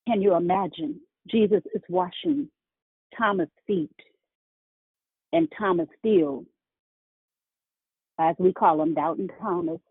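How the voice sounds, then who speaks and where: A woman's voice: on the low side, husky, no room sound. A woman preaching a sermon, emphatic and repeating words for effect. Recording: tinny phone-line sound.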